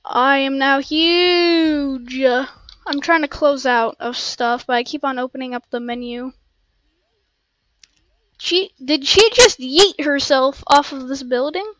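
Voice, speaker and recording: A woman casually commentating her gameplay in an excitable, rambling way, full of playful slang, on a cheap home mic. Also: sits high, takes it slowly, muffled recording, slight background noise. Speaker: gameplay streamer. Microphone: cheap desk mic.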